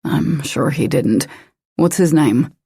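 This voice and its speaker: 女性ナレーターが演じる 辛抱強い男性捜査官. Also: female voice, low-pitched, expressive, takes it slowly, creaky, warm tone, slightly rough, no room sound, clean studio sound, full character voice. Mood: coaxing. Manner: patient, coaxing questions. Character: calm, gentle male investigator. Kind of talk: audiobook character voice.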